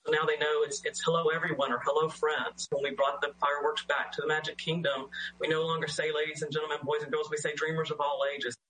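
A man, a company executive, explaining a policy at an internal meeting in a flat manner. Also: on the high side, quick pace, a little hiss or hum, poor audio.

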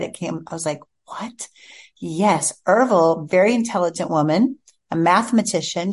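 Earnest woman telling a story, low voice. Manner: earnest, heartfelt, chatty with many fillers. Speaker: author guest. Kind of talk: personal storytelling in an interview.

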